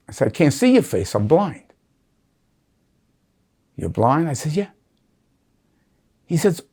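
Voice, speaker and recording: An older man from the United States tells his life story in an interview, his voice husky and a little worn. He tells it with feeling and acts out the voices of people he remembers, now hushed, now loud. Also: on the high side, big pitch swings, measured pace, pauses often. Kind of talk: emotional storytelling.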